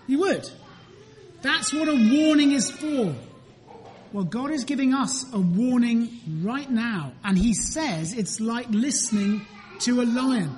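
Speak slowly and clearly as a woman asking children questions during a church service. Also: a little high, expressive, a little mellow. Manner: asks the children questions and prompts answers; slow, clear, deliberate. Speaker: leader of a children's talk in church. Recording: reverberant church room.

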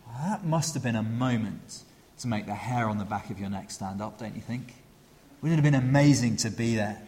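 Preacher in a reverberant hall. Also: male voice, mid-range voice, normal speed. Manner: hesitant, many fillers and restarts, animated when acting out the crowd. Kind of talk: sermon. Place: church. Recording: long reverb of a church hall.

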